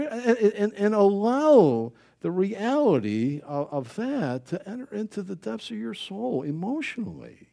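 A man preaching a sermon as pastor, swinging between loud emphasis and quiet asides. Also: high voice, very animated, normal speed, vocal fry, hardly any pauses.

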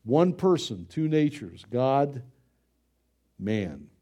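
Earnest preaching man, mellow voice. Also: mid-range voice, sing-song, extremely slow. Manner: earnest, emphatic preaching with rhetorical questions. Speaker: pastor. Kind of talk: sermon.

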